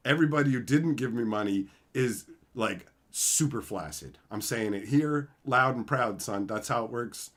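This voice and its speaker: A man's voice: moderate pace, hardly any pauses. A man hosting a casual livestream, reading viewer comments and joking boastfully, calling viewers bro and son and swearing freely. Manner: lively swings in pitch and loudness, mock shouting. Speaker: livestream host.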